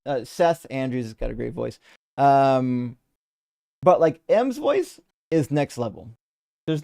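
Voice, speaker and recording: A man's voice: mid-range voice, vocal fry, mellow. A man hosting a live debate stream, chatting casually and reading out viewer comments, rambling with lots of restarts and casual swearing.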